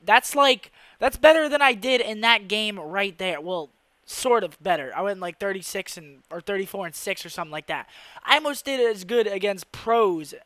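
A young man giving casual commentary over his own gameplay, excitable, swearing a lot and laughing between rants. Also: high-pitched, normal speed, dry recording. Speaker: gaming YouTuber.

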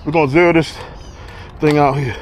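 Brief: high-pitched man, breathless, excitable outdoor vlogger, faint noise behind. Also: a little fast. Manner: excitable, shouting exclamations, talks to viewers as "y'all" and "guys". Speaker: fishing vlogger. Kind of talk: excited outdoor vlog commentary. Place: outdoors on a riverbank.

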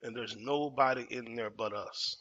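A man's voice: medium pitch, moderate pace, pushed and bright, dull audio. A man from Dallas telling a personal story in casual, emphatic talk, repeating phrases and using street slang. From Dallas, Texas. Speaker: storyteller host.

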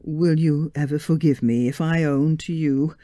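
A woman's voice: deep voice, fairly even intonation, measured pace, mellow, no echo, studio quality. A woman voicing a gallant, sheepish young husband in a read-aloud story, speaking hesitantly and earnestly. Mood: earnest, tender.

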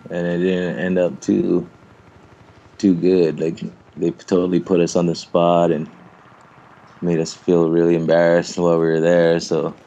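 A man's voice: deep voice, monotone, measured pace, warm tone, highs cut off. A young man being interviewed, telling long rambling stories in a casual, profane, laughing way. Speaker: interviewed clan member. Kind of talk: casual storytelling chat.

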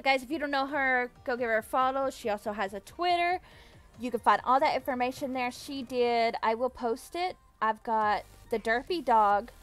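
A young adult woman chatting casually with viewers on a live stream, bubbly and giggly, thanking them effusively. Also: a little high. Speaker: livestreamer.

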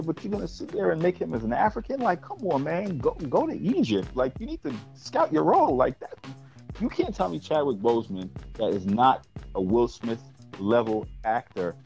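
Lively new podcast host, blunt hot takes, pitch all over, faint music under. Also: male voice, normal speed, creaky. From New York. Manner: blunt, opinionated, animated ranting. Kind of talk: casual chat.

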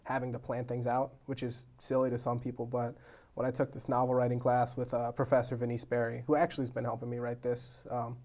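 A man's voice: mid-range voice, brisk. Young guy telling stories on a chat show, acts out the quotes. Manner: animated storyteller, acts out quotes. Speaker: novelist guest. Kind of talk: casual talk show chat.

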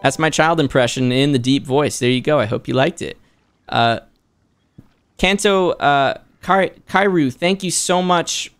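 A man hosting a livestream, excitedly reading out viewer donations, talking quickly and laughing often. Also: on the high side, clean tone, soft background music. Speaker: streamer and voice actor.

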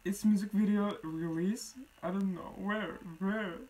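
Slow, excitable music video reactor. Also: mid-range voice, poor audio. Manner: excited, exclaims repeatedly.

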